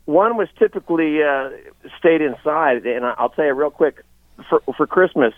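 A man's voice: on the high side, lively intonation, normal speed, no echo. A man calling in to a radio show, telling a rambling story with many restarts. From Florida. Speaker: caller. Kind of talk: casual phone-in chat. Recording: tinny phone line, dry.

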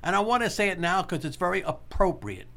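A man hosting a call-in radio talk show, talking in an earnest, motivational way and repeating key points slowly. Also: high voice, sing-song, creaky, fairly bright tone.

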